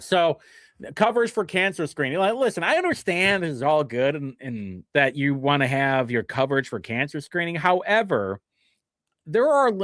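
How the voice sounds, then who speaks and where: A male livestream host who reads bill text aloud and mocks it in casual commentary, chuckling often, with big swings in pitch. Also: fairly bright tone, no room sound, clean studio sound. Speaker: livestream host reviewing state bills.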